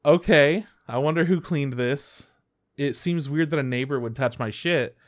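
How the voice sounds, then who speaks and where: Animated young man telling work stories. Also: mid-range voice, normal speed. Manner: animated storyteller, acts out quotes, swears freely. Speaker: podcast co-host. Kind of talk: casual chat.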